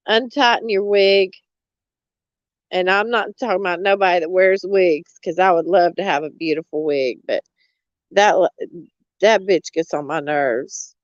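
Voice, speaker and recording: A woman's voice: lowish voice, unhurried, no room sound, muffled recording. A woman, a vlogger gossiping in a blunt, mocking way, often laughing and cursing. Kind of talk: casual gossip chat.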